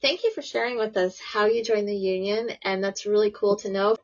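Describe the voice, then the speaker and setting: A woman's voice: medium pitch, steady tone, a little fast. Woman, podcast host, upbeat and giggly, mid-range voice, lo-fi audio. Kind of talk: casual interview chat. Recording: lo-fi dull audio.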